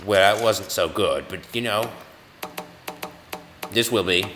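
A man's voice: fairly low pitch, slow, pushed and bright, a little hiss or hum. Rambling, self-mocking man commentating a game. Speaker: gaming video host. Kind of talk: goofy gameplay commentary. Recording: long reverb, faint music.

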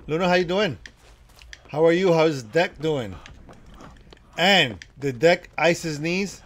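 A man's voice: on the high side, lively intonation, slow pace, long pauses, fairly bright tone. A man streaming a horror game live, chatting with viewers, swearing casually and yelping at the scares. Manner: jumpy, yelps and laughs at scares, chats with viewers.

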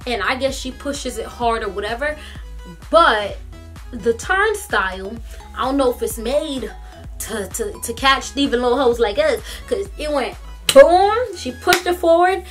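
A young woman vlogger telling a story in a casual, animated, slangy way from a room in her parents' home. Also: high voice, measured pace, faint music behind.

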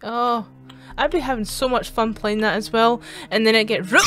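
A woman's voice: on the high side, moderate pace, over loud music. A young Scottish woman streaming her reactions to scary videos, swearing, screaming and laughing at the scares. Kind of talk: casual reaction commentary.

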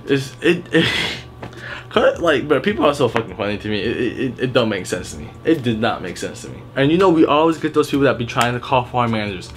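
A man's voice: medium pitch, very animated, fast talker, slight background noise. A young man telling work stories in a casual vlog, blunt and heavily profane, rambling with restarts. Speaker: retail worker telling stories.

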